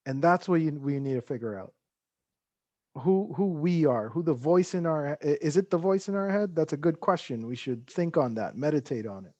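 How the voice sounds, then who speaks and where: A man telling a parable as a podcast guest, halting with frequent fillers and restarts. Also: a little high, animated, darkish tone, no room sound, dull audio. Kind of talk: storytelling in casual chat.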